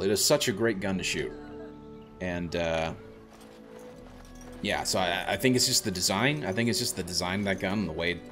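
A man streaming a video game, chatting casually and rambling with many restarts and self-corrections. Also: on the low side. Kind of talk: casual gameplay commentary.

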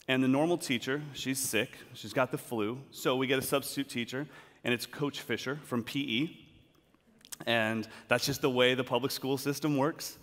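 A man giving a storytelling talk on a large auditorium stage, acting out scenes as he goes. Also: medium pitch. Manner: animated, acts out scenes. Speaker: speaker at a talk. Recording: long reverb of a large hall.

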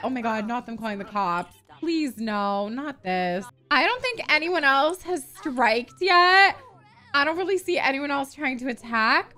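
Excitable high-voiced young woman gamer. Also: moderate pace, soft background music. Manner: excitable, gasps and shrieks at game events, swears freely. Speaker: gaming YouTuber. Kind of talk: casual gameplay commentary.

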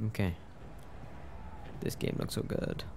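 A man's voice: slow pace, background noise. A young man giving casual let's play commentary, muttering wry reactions to a game. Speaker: gameplay commentator. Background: game music.

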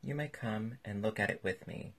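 A man reading aloud and voicing a witty, languid aristocratic gentleman with urbane drawling wit. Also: on the low side, normal speed, background noise, lightly acted.

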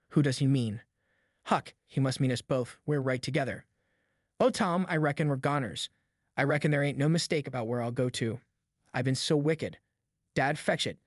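A man's voice: fairly high pitch, no room sound, clean studio sound, natural voice. A man voicing two frightened backwoods boys who whisper in a rustic drawl. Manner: rustic dialect drawl, hushed and fearful.

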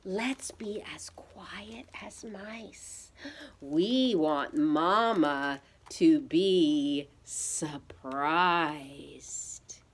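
A woman's voice: slow pace, exaggerated voice. A woman voicing an eager, bossy little girl who takes charge of her brother in a storybook read-aloud. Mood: whispered. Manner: high, excited, bossy.

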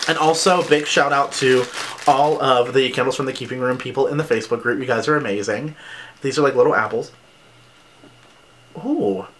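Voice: medium pitch, a bit bright. Chatty vlogger unboxing, noisy crinkles. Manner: chatty, lots of "like" fillers. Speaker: vlogger reviewing candle scents. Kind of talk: casual unboxing chat.

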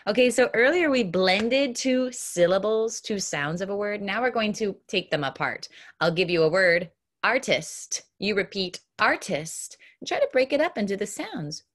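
A woman teaching young children an online phonics lesson, sounding out words slowly and clearly in an upbeat, encouraging way. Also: medium pitch, animated, fairly bright tone. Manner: slow, clear, exaggerated word modeling. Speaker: kindergarten teacher.

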